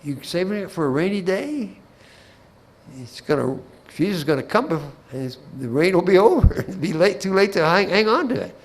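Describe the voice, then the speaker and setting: Lively, gravelly man giving a Bible class. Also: high-pitched, moderate pace, low-quality recording. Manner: folksy, with humorous anecdotes and asides; repeats words as he restarts phrases.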